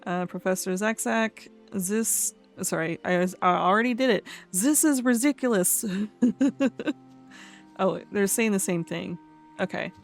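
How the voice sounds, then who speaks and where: A woman's voice: medium pitch, a little slow, vocal fry, long pauses, soft background music. Chatty woman reading quest text. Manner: chatty, laughs often, stumbles over fantasy names. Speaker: let's play host. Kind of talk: casual gameplay commentary, reading quest text aloud.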